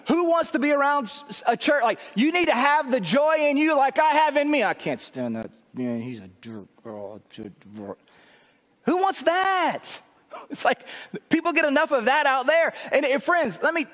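High-pitched male pastor, chatty preaching that builds to shouts; reverberant sanctuary. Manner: conversational preaching, rising to emphatic shouts. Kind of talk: sermon.

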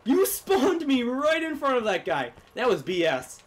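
A man giving live gameplay commentary as a gaming YouTuber, swinging from low muttering to sudden yelling. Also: huge pitch swings, unhurried, slight background noise.

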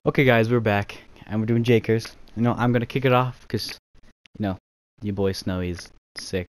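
A man with a lowish voice hosts a casual YouTube gaming video, chatting and doing impressions at a moderate pace with fairly even intonation. He giggles, mocks himself and says "you know" often, with no room sound at all.

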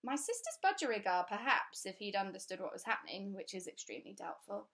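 A woman's voice: medium pitch, sing-song, fast talker, vocal fry, fairly bright tone. A woman voicing a stern, gaunt older governess who speaks in a dry, blunt, matter-of-fact way.

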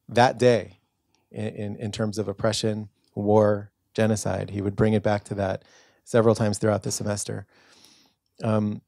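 A man's voice: lowish voice, warm tone, no room sound, studio quality. A man, an author and lecturer, answering an audience question at a bookstore event, earnest and storytelling, with many restarts. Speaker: author and lecturer at a book talk.

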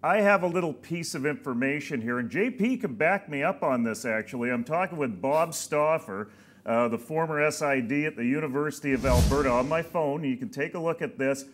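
A man's voice: on the high side, fairly quick. A man on a sports talk panel, talking casually with many hesitations. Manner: hesitant, frequent fillers. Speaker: show producer and panelist.

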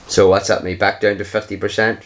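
A man's voice: lowish voice, a little hiss or hum. A man commenting casually on his own game play, muttering in frustration, sighing and swearing under his breath. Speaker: gaming channel host.

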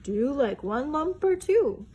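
A woman voicing a grumpy, lonely male bear in a storybook reading, gruff and sulky but soft-hearted. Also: very animated, slow, slight background noise. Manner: gruff and sulky, a little lower than her narration.

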